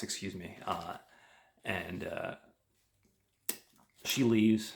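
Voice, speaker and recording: Low creaky-voiced man rambling. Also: steady tone, slow, long pauses. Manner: rambling, with many fillers. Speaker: podcast host. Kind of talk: casual movie plot retelling.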